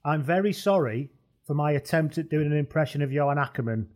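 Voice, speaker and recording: A man's voice: on the high side, lively intonation, quick pace, darkish tone. A man hosting a rugby podcast in casual chat, jokey and rambling. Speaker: podcast host.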